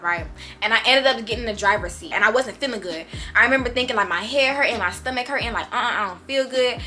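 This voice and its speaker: Animated, bright-voiced young woman storyteller. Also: high voice. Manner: animated, slangy, dramatic storytelling. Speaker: vlogger. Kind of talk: storytime vlog.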